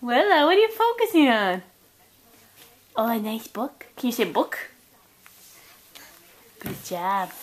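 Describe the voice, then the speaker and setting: A woman's voice: a little high, sing-song, takes it slowly, pauses often. A young woman talking to a toddler in coaxing, repetitive, sing-song baby talk for a home video.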